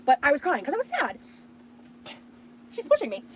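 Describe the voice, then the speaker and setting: A woman telling a story in a chatty, animated way, full of fillers. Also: high voice, moderate pace, slight background noise. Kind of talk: casual storytelling.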